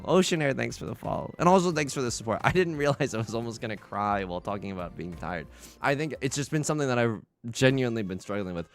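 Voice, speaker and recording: A man's voice: medium pitch, fast talker, faint music behind. A young man hosting a game livestream, rambling casually with lots of fillers and self-deprecating jokes. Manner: jokey and animated, then subdued and tearful. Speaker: livestream host. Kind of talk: casual stream chat while gaming.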